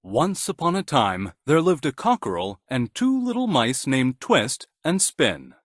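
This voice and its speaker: A man narrating a scripted children's bedtime story in an animated, gentle storytelling manner. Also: medium pitch, measured pace, no echo, clean studio sound.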